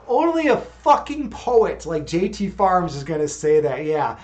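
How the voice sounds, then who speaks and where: Male streamer, somewhat high voice, loose rambling chat, swears and laughs freely. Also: big pitch swings, slow pace, few pauses, darkish tone. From Chicago. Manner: rambling, profane, laughs often, restarts words. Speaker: streamer leading meditation. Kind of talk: casual live-stream chat.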